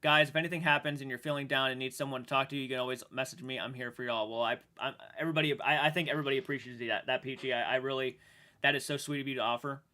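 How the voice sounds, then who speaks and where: A man streaming live and chatting with viewers, emotional and halting, restarting sentences and swearing now and then while sounding shaken. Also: mid-range voice, fairly even intonation, bright, forceful tone. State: shaken and upset. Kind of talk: livestream chat with viewers.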